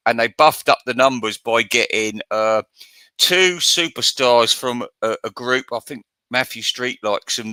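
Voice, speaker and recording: Give me a mocking man with a tense bright voice, rambling and ranting. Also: mid-range voice, no room sound. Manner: crude, profane, rambling and mocking. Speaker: channel host. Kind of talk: ranting casual monologue.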